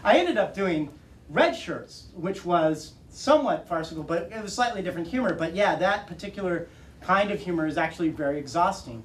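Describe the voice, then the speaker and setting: At a bookstore talk, an author with a slightly high, animated voice tells casual stories to an audience at a fairly quick pace, laughing often and acting out other people's lines. The event room recording is roomy and far off, with light hiss.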